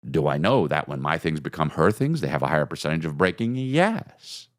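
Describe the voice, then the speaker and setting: A man hosting a podcast, telling a comedic story and acting out his own and others' lines with big jumps in his voice. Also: a little fast. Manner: animated, acts out quotes with big pitch jumps. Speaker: podcast host.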